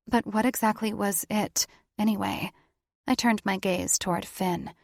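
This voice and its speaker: A woman reading a fantasy romance audiobook in an expressive first-person style, close to a studio mic. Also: medium pitch, measured pace, gravelly, no echo. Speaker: audiobook narrator. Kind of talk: scripted fantasy romance narration.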